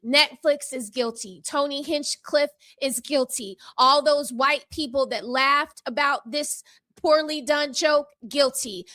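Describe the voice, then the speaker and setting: Sassy bright-voiced woman vlogger. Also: high-pitched, no room sound. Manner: sassy, emphatic, mock-courtroom delivery. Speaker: channel host. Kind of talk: impassioned commentary vlog. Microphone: microphone.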